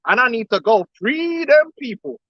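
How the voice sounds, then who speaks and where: A folksy, earnest old-time American man with a generic American accent, as a man puts him on in mock-earnest tones. The voice sits very high for a man. It sounds dry and close, with a dull, muffled sound. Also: expressive, moderate pace, dry recording. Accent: generic American, put on.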